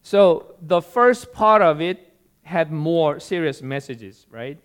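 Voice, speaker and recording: A male preacher delivering a sermon at an unhurried, measured pace. His voice is smooth and clear, sitting a little high for a man, and he tells stories in a deliberate way. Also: expressive. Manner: slow, deliberate storytelling delivery.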